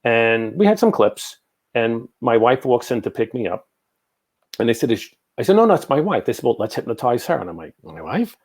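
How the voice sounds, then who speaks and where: A man's voice: medium pitch, brisk. Chatty older New man telling stories. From New York. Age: 60s. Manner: rambling, animated anecdotes with many asides. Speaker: guest, psychic medium. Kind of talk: casual storytelling in an interview.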